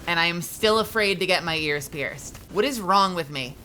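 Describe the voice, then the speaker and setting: At normal speed and with a lowish voice, a woman livestreams her gameplay, spinning chatty, profanity-heavy stories and breaking into loud fury at what happens on screen. Slight background noise can be heard.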